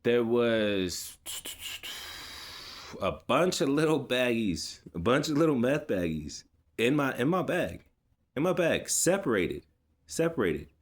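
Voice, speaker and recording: A man's voice: medium pitch, very animated, slow, pauses often. A man vlogging, telling a personal story in a casual, rambling way with many fillers, restarts and street slang. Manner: laid-back street slang.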